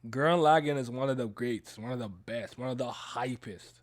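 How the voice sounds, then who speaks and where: A young man co-hosting a casual stream, hyped and excitable, with loud bursts, frequent laughs and free swearing. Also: medium pitch, moderate pace. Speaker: stream co-host.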